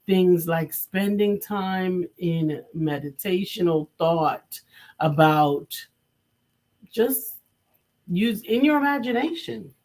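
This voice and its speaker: A woman co-hosting a live coaching talk show, reflecting calmly and reading viewer comments aloud. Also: lowish voice, takes it slowly. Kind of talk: casual live-stream chat.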